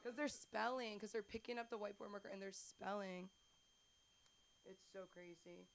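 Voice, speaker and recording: A woman's voice: mid-range voice, normal speed, gravelly. Rambling, chatty woman doing stand-up. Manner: chatty, rambling, self-deprecating. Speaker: open mic host. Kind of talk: stand-up comedy. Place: small comedy club stage.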